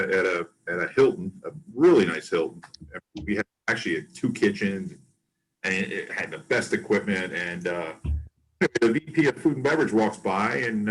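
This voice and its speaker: A man's voice: on the low side, low-quality recording. A man in his sixties, a guest on an interview show, telling a long story in a chatty way and acting out the dialogue. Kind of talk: casual storytelling.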